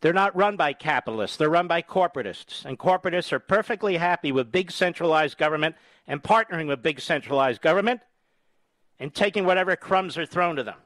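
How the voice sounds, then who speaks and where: A man's voice: a little high, animated, a little fast, fairly bright tone, no room sound. A man in his sixties from the United States, a radio host delivering a combative, scornful political monologue with emphatic repetition. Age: 60s.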